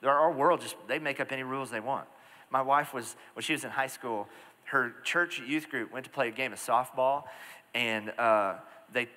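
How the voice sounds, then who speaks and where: A middle-aged male pastor preaching a sermon, telling stories with lively asides to the congregation. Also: mid-range voice, moderate pace. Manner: animated storytelling with asides to the congregation. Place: large church hall. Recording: church hall reverb.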